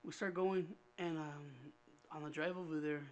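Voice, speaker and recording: A man with a high voice tells a childhood story on a casual podcast. He curses a lot and acts out each person he quotes with lively swings in pitch. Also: moderate pace, dull audio, a little hiss or hum. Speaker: podcast co-host.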